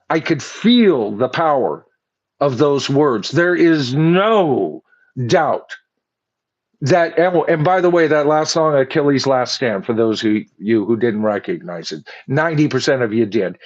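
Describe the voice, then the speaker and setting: A man's voice: mid-range voice, animated, unhurried, highs cut off. An older man hosting a commentary show, speaking in a sarcastic, mocking way and reading lyrics aloud to pick them apart. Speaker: host. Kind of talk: opinionated commentary.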